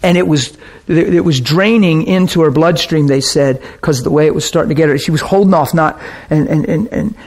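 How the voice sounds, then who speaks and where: A middle-aged man preaching a sermon, telling a story and acting out the people in it with big jumps in his voice. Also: fairly quick. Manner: animated, acts out quotes with big pitch jumps.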